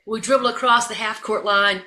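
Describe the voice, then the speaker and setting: A middle-aged woman with a bright, forceful voice tells an animated story to her listeners. She sounds like a seasoned speaker, and the room around her gives her voice a noticeable echo. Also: mid-range voice, normal speed. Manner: lively, addresses listeners as folks. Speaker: guest, keynote speaker and coach. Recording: roomy echo.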